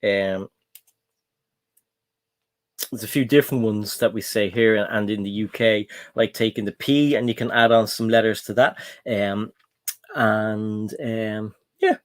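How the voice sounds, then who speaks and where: A man's voice: on the low side, a little slow, dry recording. A man hosting a casual livestream, telling rambling stories full of ums. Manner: rambling storyteller, many ums. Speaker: livestream host. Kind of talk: casual chat while building.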